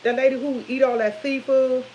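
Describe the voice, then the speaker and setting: A woman's voice: high voice, level tone, normal speed, darkish tone, highs cut off. Casual chatty woman on a livestream, goes on and repeats herself, slight hiss in the background. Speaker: livestream host. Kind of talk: casual chat to viewers.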